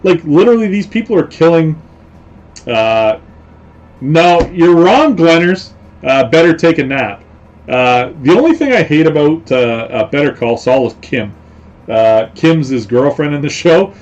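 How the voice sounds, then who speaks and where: A man's voice: a little high, big pitch swings, normal speed, a little mellow, muffled recording. A man hosting a casual live stream, rambling along with lots of fillers and repeated phrases. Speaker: host.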